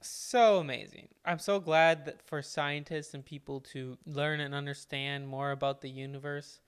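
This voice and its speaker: Young guy hyped up reacting to a clip, gushing and loud, smooth clean voice. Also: fairly high pitch, moderate pace. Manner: excitable, gushing, exclaims loudly. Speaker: channel host reacting to clip. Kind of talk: enthusiastic reaction commentary.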